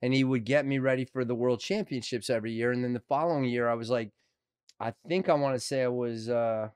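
This time the middle-aged actor's mid-range voice runs fast and smooth, with no room sound. As a podcast guest chatting casually, he animatedly acts out quotes and swears freely.

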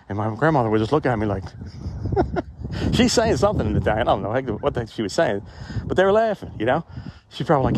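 A man's voice: medium pitch, sing-song, fast, background noise. A man talking to his phone as he walks outdoors, musing in a rambling, conversational way in a reflective vlog. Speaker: vlogger. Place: outdoors in a cemetery. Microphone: phone held while walking.

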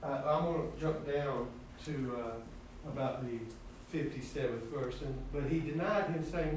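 A man preaching a sermon, sprinkling in "amen" and building to a pleading, fervent pitch. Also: normal speed, hardly any pauses, a little mellow, a little hiss or hum. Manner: rising to high, pleading fervor with frequent "amen". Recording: echoey distant room sound.

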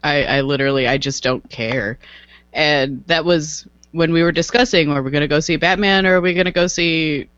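A woman's voice: low voice, moderate pace, a bit bright, no echo. Emphatic woman podcast host, dull dry sound. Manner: emphatic, repeats herself. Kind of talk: casual chat.

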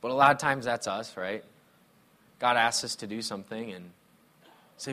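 A man's voice: mid-range voice, moderate pace. A male pastor preaching a sermon, telling personal stories in a conversational, playful way. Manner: conversational, animated storytelling with playful humor.

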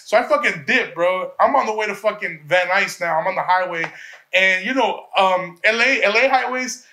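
A man from Chicago tells a rambling, profanity-laced story in casual talk. His voice sits high and bright, and he stumbles through restarts while acting out what others said. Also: moderate pace. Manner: profane, rambling, restarts often, acts out quotes.

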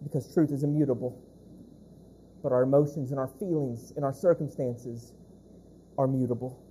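A male pastor preaching a sermon. He speaks emphatically, repeats key phrases, slows down to stress points and puts questions to the congregation. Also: medium pitch, steady tone, warm tone, a little hiss or hum.

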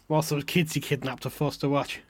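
A man's voice: a little high, a little hiss or hum. A man co-hosting a podcast, bantering crudely, swearing and laughing often.

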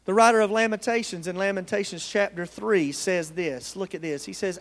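A man's voice: high voice, moderate pace, few pauses, in a large hall. A man from the United States preaching a sermon in a church, earnest and calling out to his congregation. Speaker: pastor. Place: church sanctuary.

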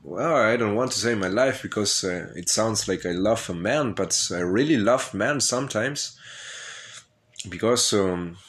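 Slow, low-voiced man rambling candidly. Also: a bit bright. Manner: hesitant and profane, with frequent laughs and fillers. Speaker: vlogger telling his life story. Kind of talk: rambling personal monologue.

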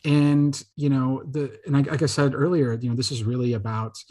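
Husky-voiced man telling stories. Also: medium pitch, moderate pace. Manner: lively anecdotal storytelling. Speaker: guest filmmaker. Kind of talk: casual podcast interview.

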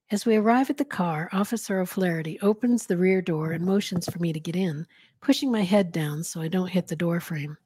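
A woman's voice: lowish voice, warm tone, breathy edge, no echo, studio quality. A woman hosting a podcast, reading a novel aloud in a casual way with giggly asides. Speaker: podcast host and reader.

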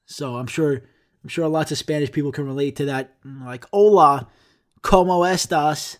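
A man's voice: mid-range voice, fairly even intonation, moderate pace, a little mellow. A man hosting a podcast, ranting in a rambling, profane and self-mocking way. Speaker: podcast host. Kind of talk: casual podcast rant.

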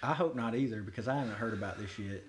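A man's voice: lowish voice, quick pace, slight background noise. A man in casual chat who talks bluntly and swears freely.

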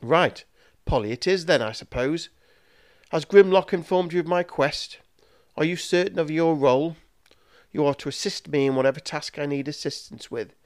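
A man's voice: mid-range voice, lively intonation, moderate pace, hardly any pauses, lightly acted. A man voicing a rude, hungover male wizard who snaps and sneers at his apprentice. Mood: snapping. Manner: sneering, snappish.

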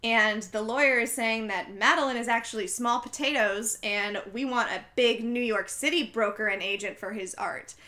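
Podcast co-host: woman with a bright, slightly high voice, chatty and loose, lots of fillers. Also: moderate pace, few pauses. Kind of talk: casual recap of a film.

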